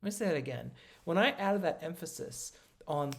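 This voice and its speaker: Instructor talking through notation on video, relaxed and halting, with a fry in the voice. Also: medium pitch. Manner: casual and patient, many ums and self-corrections. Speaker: music instructor. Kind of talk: recorded lecture, talking while drawing notation.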